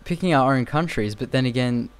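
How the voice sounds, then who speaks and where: A man's voice: mid-range voice, brisk, clear, resonant tone. A young man giving casual, rambling game commentary full of fillers and repeated phrases. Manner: rambling and repetitive, with frequent fillers. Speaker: gameplay commentator.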